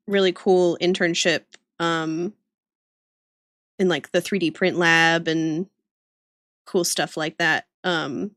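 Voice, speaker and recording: A woman's voice: fairly low pitch, fairly bright tone, dry recording, clean studio sound. A young woman streamer chatting casually while she draws. She rambles, giggles often and reads chat aloud. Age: young adult.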